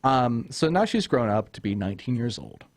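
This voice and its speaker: A man's voice: medium pitch, sing-song, normal speed. A young man hosting a casual film review chat, ranting with exasperation about a character and retelling scenes. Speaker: host.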